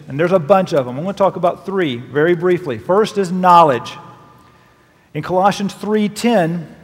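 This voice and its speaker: A male pastor preaching a sermon, reading scripture verses aloud with emphatic, lively delivery. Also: fairly high pitch. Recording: long reverb of a large hall.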